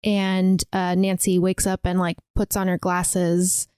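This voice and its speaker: A woman's voice: fairly low pitch, monotone, takes it slowly, darkish tone, clean tone, no room sound, studio quality. A woman co-hosting a podcast in casual chat, retelling a horror film scene beat by beat and quoting the characters. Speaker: podcast co-host.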